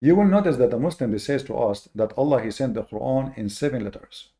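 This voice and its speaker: A man hosting a lecture-style monologue, speaking with slow, deliberate emphasis, often repeating words and adding fillers. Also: mid-range voice, expressive, warm tone. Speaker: host.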